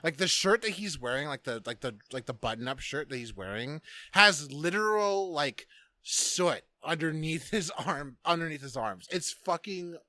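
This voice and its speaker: A man's voice: fairly high pitch, lively intonation, normal speed, pushed and bright, no room sound. A man hosting a podcast, recapping a movie in casual, rambling chat full of "like" and swearing. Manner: rambling, profane, lots of "like". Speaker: podcast host.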